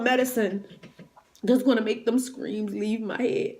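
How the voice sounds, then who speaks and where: A woman's voice: on the high side, steady tone, measured pace, a little mellow. Grieving woman telling her story. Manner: raw, emotional, conversational retelling. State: grieving, near tears. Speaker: vlogger. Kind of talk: personal storytime.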